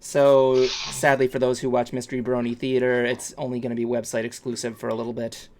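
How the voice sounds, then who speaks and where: A man's voice: mid-range voice, completely flat delivery, brisk. Brief: male co-host, casual stream chat, rambling and jokey. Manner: rambling, jokey, breaks into a salesman voice. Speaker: talk show co-host.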